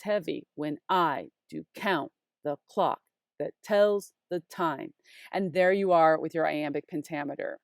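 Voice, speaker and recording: A woman in her forties, a high school English teacher, giving a casual online lesson in a chatty, upbeat way and talking straight to the viewer. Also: creaky, no room sound, clean studio sound.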